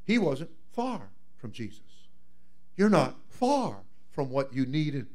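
A man preaching a sermon as pastor, swinging from loud fervent cries to quiet, hushed asides. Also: medium pitch, very animated, slow.

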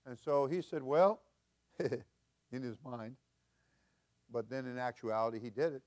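An older man preaching as senior pastor, folksy and chuckling, building to loud emphatic peaks. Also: mid-range voice, moderate pace. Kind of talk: sermon.

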